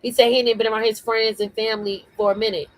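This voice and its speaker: A woman's voice: a little high, little pitch movement, rapid-fire, dry recording. A woman co-hosting a podcast and livestream, talking casually in slang and laughing often. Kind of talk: casual chat.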